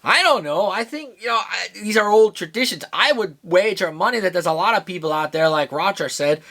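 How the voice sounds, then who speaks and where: A man from Pennsylvania hosts a relaxed chat, cracking jokes and laughing along the way. His voice sits a touch high and swings up and down with plenty of life. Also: fairly quick. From Pennsylvania, USA. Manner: playful, joking, laughs often. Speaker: host. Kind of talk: casual chat.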